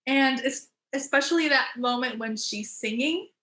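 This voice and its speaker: A woman's voice: high-pitched, normal speed, a bit bright, roomy sound. A woman guest on a podcast, chatting casually and enthusiastically with plenty of fillers. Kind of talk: casual chat.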